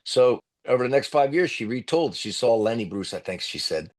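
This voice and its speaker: A man, a comedian guest telling lively stories on a podcast and acting out other people's loud voices. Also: mid-range voice, fairly quick. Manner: animated storyteller, acts out loud voices of others. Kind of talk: storytelling podcast interview.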